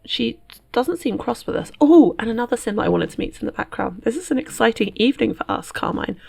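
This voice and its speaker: A woman's voice: a little high, lively intonation, a little fast, creaky, a little mellow, slightly rough. A woman, a host chatting playfully through casual game commentary. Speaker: let's play host.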